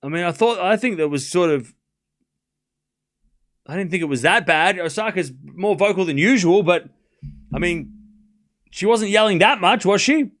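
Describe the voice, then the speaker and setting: A man hosting a live tennis watchalong stream, chatting casually and excitedly, laughing often and thinking out loud. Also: sits high, moderate pace, pauses often. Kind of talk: live commentary and casual chat.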